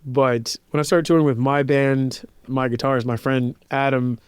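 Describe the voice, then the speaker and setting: During a relaxed interview, a composer-pianist in his thirties reflects casually on stories, using "like" constantly and acting out other people's voices. His mid-range voice has fairly even intonation, a moderate pace and a clean tone. It's recorded at studio quality with no room sound.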